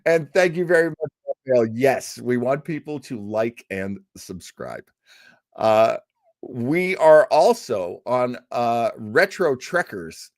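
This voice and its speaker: Chatty man with a lively voice. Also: mid-range voice, no echo, clean studio sound. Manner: chatty, reads viewer comments aloud, laughs often. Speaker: host. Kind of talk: casual live-stream chat.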